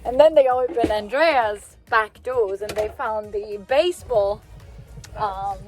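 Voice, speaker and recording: A young Swedish woman, a native Swedish speaker with a Swedish accent, telling a lively travel story to her handheld camera. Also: on the high side, takes it slowly, soft background music. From Sweden. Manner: animated, laughing, acts out quotes. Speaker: vlogger. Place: van trip at a vineyard.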